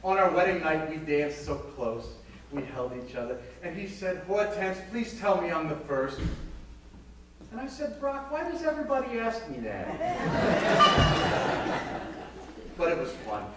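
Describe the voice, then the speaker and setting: A man doing a bawdy aging dame on stage. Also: a little high. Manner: punchline-driven, teasing the audience. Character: bawdy aging woman telling racy stories. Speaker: vaudeville comedian. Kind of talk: live stage comedy monologue in character. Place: small theater stage. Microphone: far camera in the house. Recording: echoey hall from far off, noisy. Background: audience laughter.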